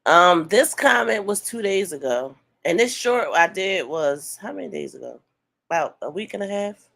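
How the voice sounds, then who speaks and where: A woman's voice: fairly low pitch, animated, normal speed, creaky, fairly bright tone. A woman co-hosting a casual commentary show, musing as she reads viewer comments aloud and chats with her partner. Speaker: co-host of a couple's commentary channel.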